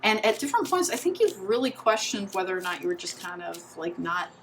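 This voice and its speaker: Woman tarot reader, mid pitch, rambling and chatty, faint room noise behind. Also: sing-song, brisk, poor audio. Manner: chatty, meandering, full of "like" and restarts. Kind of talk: pick-a-card tarot reading.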